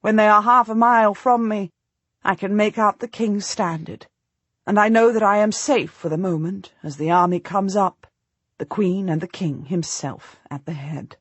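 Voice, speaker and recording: Breathy woman narrating an audiobook. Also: mid-range voice, no echo. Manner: measured, storytelling. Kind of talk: first-person scripted narration.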